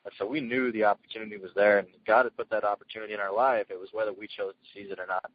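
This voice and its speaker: A man telling his success story as a guest speaker, energetic and earnest, in casual storytelling. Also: fairly low pitch, racing, no echo, muffled recording. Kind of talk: motivational call talk.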